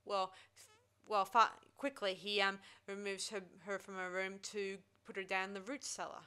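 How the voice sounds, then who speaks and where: A woman hosts a casual film podcast and walks through the plot in a loose, rambling way, stopping and restarting as she goes. Her voice is bright and crisp, with a smooth, clear tone. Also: mid-range voice, flat delivery, normal speed. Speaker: film review podcast host. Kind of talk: casual chat.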